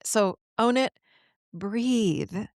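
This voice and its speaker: A woman's voice: on the high side, very slow, darkish tone, no room sound, studio quality. A woman guest on a podcast interview, talking earnestly in a coaching manner and acting out the voices of the people she quotes.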